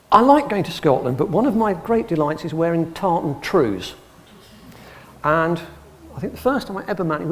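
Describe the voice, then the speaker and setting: Lively English man telling funny stories. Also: on the high side. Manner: dry humorous storyteller, acts out dialogue. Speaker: guest speaker, antiques expert. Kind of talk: anecdotal talk to a live audience. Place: public hall.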